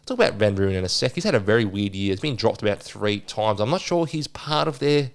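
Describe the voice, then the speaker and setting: A man hosting a casual sports betting preview, chatty and excitable, correcting himself with quick asides. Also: on the low side. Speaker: sports tipping podcast host.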